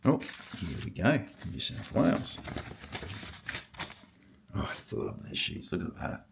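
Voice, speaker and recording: An older man who collects stamps, talking casually and husky-voiced, murmuring and exclaiming to himself as he sorts. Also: on the low side, sing-song, slow, noisy background. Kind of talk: casual vlog, thinking aloud while sorting.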